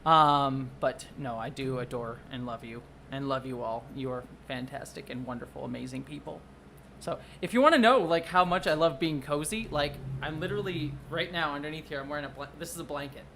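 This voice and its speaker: Rambling, excitable streamer chatting from home at a mid-range pitch; quick to apologize. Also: creaky, a little hiss or hum. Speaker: livestreamer and video producer. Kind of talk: casual livestream chat. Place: at home under a blanket.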